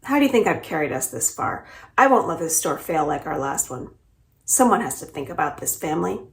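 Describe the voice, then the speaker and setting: A woman's voice: low voice, sing-song, fairly quick. Exasperated worried mother, as a woman reads her. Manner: sharp and insistent. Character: anxious, exasperated immigrant mother and shop owner. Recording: roomy echo.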